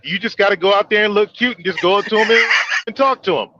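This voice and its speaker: A man hosting a podcast, an animated, joking storyteller in casual banter. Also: sits high, fast, highs cut off. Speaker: podcast host.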